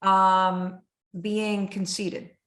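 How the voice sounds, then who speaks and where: A middle-aged woman talks with blunt, animated energy, acting out voices and swearing freely. Her voice sits in an ordinary middle register for a woman. The room rings with a noticeable echo around her. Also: medium pitch, extremely slow. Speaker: podcast host. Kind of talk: candid conversation. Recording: roomy echo.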